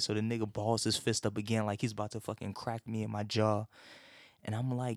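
A man's voice: on the low side, steady tone, fairly quick, no echo, clean studio sound. A man hosting a show, ranting casually with heavy swearing and rambling restarts. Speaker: host. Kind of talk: casual profane rant.

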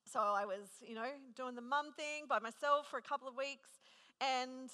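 A woman's voice: sits high, normal speed, sharp tone. A woman in her thirties preaching a conversational sermon, telling a personal story in a chatty, self-deprecating way. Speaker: preacher at a women's gathering. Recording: long hall reverb.

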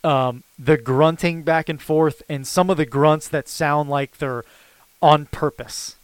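An easygoing podcast co-host chatting casually and chuckling along with his partner. His voice is smooth and clear, at a middle pitch. It is recorded close and dry. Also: steady tone, slow pace, no echo. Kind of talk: casual chat.

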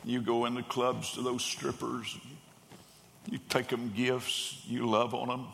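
Man, pastor, sermon storytelling, animated, mid-pitched voice, long hall reverb. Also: measured pace, vocal fry. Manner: animated storyteller, raises voice for quoted characters.

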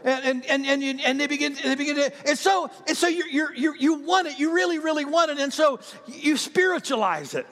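A man preaching with a high voice that climbs and drops as he builds each point. His words trail off into a long reverb, as if he stands in a large sanctuary. He talks straight to the people in front of him and keeps checking that they follow. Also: brisk, hardly any pauses. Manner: animated preaching, rising and falling, with asides to the congregation. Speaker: pastor. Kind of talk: sermon.

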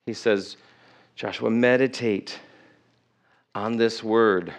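The voice is lowish and steady, and the middle-aged pastor takes his time. Preaching a sermon in church, he reads scripture aloud, fixes his own slips, and asks his congregation questions.

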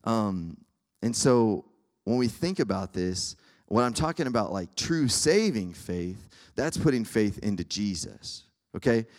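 A man's voice: fairly low pitch, lively intonation, unhurried, darkish tone. A young man preaching a casual sermon to students, keeps checking in with his listeners. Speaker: campus ministry speaker.

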